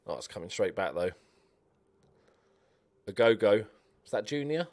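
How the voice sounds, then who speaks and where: A young man giving chatty, animated commentary while playing a game, cheering on his players. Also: fairly low pitch, normal speed, long pauses. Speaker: gaming YouTuber. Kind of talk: casual let's-play commentary.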